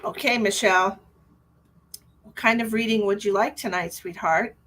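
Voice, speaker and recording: A middle-aged woman chats casually with viewers on her live psychic stream, rambling from one thought to the next. Her voice sits at an ordinary pitch for a woman. She swings between loud, emphatic bursts and soft, near-whispered asides. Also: normal speed, slight background noise.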